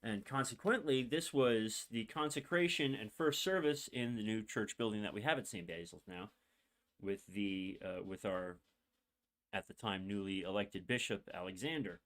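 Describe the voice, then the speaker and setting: A man's voice: on the low side, moderate pace, fairly bright tone. A young man hosting a podcast, telling a long personal story in a rambling, candid way with many fillers and asides, emotional and holding back tears. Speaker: podcast host.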